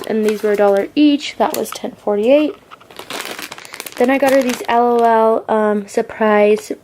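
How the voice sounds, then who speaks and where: A woman's voice: fairly high pitch, warm tone, slight background noise. A young woman vlogging casually as a stay-at-home mom, chatty and full of "like" and "um". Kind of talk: casual vlog chat.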